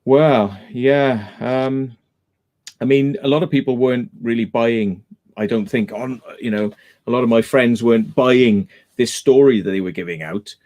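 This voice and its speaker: A man's voice: mid-range voice, a little slow, a little mellow. A man hosting a live stream in casual chat, retelling a dispute emphatically and going back over the same points.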